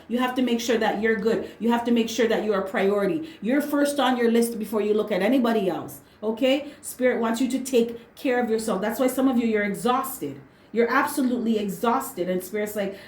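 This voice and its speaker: During a casual tarot reading, a woman with a fairly high voice speaks bluntly, using slang and swearing freely. She keeps checking in with "right?" and "okay?" as her words echo through a roomy space.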